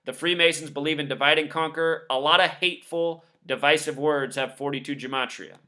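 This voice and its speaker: A man's voice: a little high, steady tone, fairly quick, bright, forceful tone. A man giving a scornful, emphatic commentary monologue, listing numbers one after another. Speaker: video commentator. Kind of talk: monologue over news clips.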